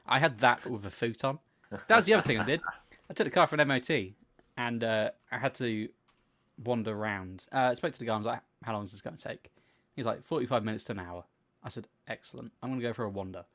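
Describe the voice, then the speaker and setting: A young man co-hosting a podcast, telling long animated stories in casual chat, swearing freely and acting out what people said. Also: medium pitch, fast talker. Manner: animated storytelling, swears freely, acts out quotes. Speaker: podcast co-host.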